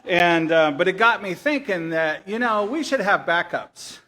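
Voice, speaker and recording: A man's voice: sits high, expressive, unhurried, pushed and bright. A man hosting a live story night, chatting and joking with the audience between acts. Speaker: event host. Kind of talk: casual emcee chat with an audience.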